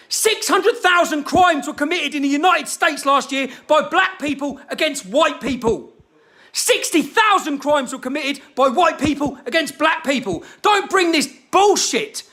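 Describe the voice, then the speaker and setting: A man delivering a furious, swearing monologue straight to camera. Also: very high-pitched. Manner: furious, shouting, heavy swearing.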